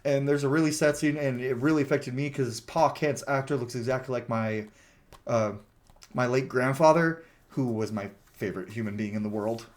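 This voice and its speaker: A man talking through a film in a relaxed, rambling recap, peppering his sentences with "like" and an occasional curse. His voice sits at an everyday mid pitch, and he slips into quick bits of character voices when quoting scenes. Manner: chatty, heavy with "like" fillers, swears freely; acts out characters' lines when quoting them. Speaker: movie reviewer. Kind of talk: casual plot-recap movie review.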